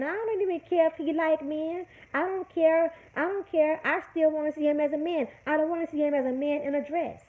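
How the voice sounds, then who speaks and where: A woman hosting a livestream, scolding her chat in an emphatic, repetitive rant. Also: sits high. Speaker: livestream host. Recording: tinny phone-like audio.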